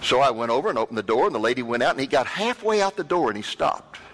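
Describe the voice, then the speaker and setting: A man with a Texan accent, a TV ministry host, telling a personal testimony in a lively, dramatic way with acted-out dialogue. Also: mid-range voice, fast, long reverb tail, rough recording.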